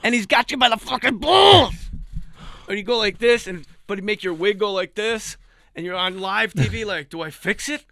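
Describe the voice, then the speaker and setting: A man guesting on a podcast, telling comic stories in an animated, profane way, acting out quotes with sudden shouts. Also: sits high, a little fast, no echo, studio quality. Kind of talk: comic storytelling in a podcast interview.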